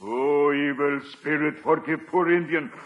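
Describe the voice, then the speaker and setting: An actor playing a solemn, halting old tribal chief who speaks in slow broken sentences, in a 1950s radio sitcom. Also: male voice, on the high side, natural voice. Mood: pleading. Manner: slow, halting broken speech, theatrical pleading. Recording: dull lo-fi old radio recording.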